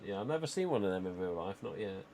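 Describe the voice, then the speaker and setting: Chatty low-voiced man. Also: lively intonation, fast talker, darkish tone, a little hiss or hum. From England. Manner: rambling, chatty, trails off with "you know". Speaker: livestream host. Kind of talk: casual livestream chat.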